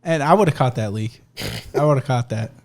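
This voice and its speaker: A young man co-hosting a podcast, telling stories in a casual, animated way, laughing often and swearing freely. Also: mid-range voice, normal speed. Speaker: podcast co-host. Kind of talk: casual storytelling chat.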